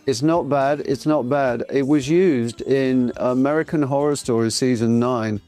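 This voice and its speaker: A man's voice: mid-range voice, unhurried, a little mellow, soft background music. A man in his sixties, a pop singer, chatting as a guest and telling stories with a wry, teasing edge. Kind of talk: casual chat.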